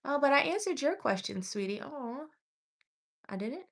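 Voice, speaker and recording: A woman's voice: high voice, sing-song. Chatty woman reading tarot live. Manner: chatty and affectionate, calls viewers honey and sweetie; reads chat aloud while scrolling, with pauses and restarts. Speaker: tarot reader on a livestream.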